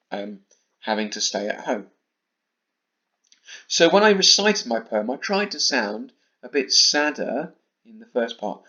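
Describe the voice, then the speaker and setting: An English man teaching a primary school class, speaking in an even mid-range voice. He takes his time, pausing deliberately between phrases. The recording sounds slightly dull and lo-fi. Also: medium pitch. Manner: slow, careful delivery with deliberate pauses. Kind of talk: recorded home-learning lesson.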